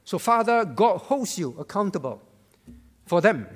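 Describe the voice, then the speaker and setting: A man's voice: high-pitched, sing-song, unhurried, long reverb tail. A man preaching a sermon as pastor, emphatic, repeating his key phrases and putting questions to the congregation. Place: church.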